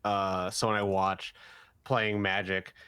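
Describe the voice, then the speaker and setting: A man's voice: low-pitched, flat delivery, slow pace, pushed and bright, clean tone. A man co-hosting a casual podcast chat, making crude jokes and acting out quoted voices. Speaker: podcast co-host.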